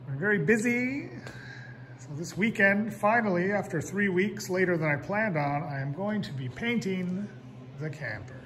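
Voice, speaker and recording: Man, casual vlog talk, relaxed, rambling, slightly high pitch. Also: moderate pace, a little hiss or hum. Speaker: vlogger.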